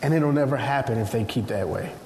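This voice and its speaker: A man from Nigeria, preaching a sermon in an animated storytelling way and acting out voices. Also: mid-range voice, fairly quick, slight background noise. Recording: echoey hall, faint ambience.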